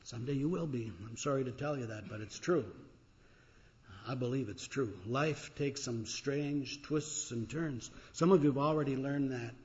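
A man preaching a sermon with dramatic swings, loud when he cries out and quiet when he reflects. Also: mid-range voice, unhurried. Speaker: pastor. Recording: dull, lo-fi recording.

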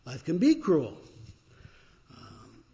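A man preaching a sermon as a pastor, telling stories in an unhurried, reflective way with pauses and fillers. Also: on the high side, huge pitch swings, dark tone. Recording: dull lo-fi recording.

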